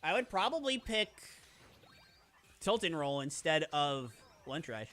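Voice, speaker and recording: A playful male streamer chats with his viewers in a high, bright voice. His pitch swoops all over as he rambles, restarts and reads out chat. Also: big pitch swings, unhurried, soft background music. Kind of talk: casual live-stream chat.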